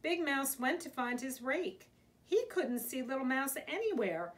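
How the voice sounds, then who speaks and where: A woman's voice: sits high, animated, unhurried. A woman, a preschool teacher, reading a picture book aloud to young children in a sing-song storytime manner.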